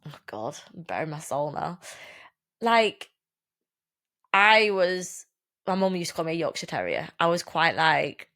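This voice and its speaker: A woman, co-hosting a casual podcast chat, blunt and sweary and quick to laugh. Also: low voice, very animated, fairly bright tone. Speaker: podcast co-host.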